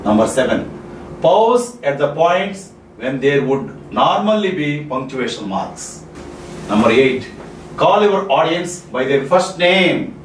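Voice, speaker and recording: Slow, emphatic trainer man, echoey room. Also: medium pitch, very animated. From India. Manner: slow, emphatic, repeats key points. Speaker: soft skills trainer. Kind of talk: spoken lecture with numbered tips. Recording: echoey room, distant mic, faint noise.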